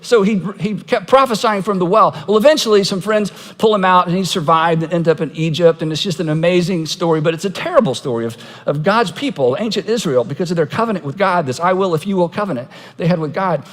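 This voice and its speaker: High-voiced male pastor in a hall. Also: fast talker, hardly any pauses. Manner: conversational storytelling, acting out quoted voices with humor. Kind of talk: sermon.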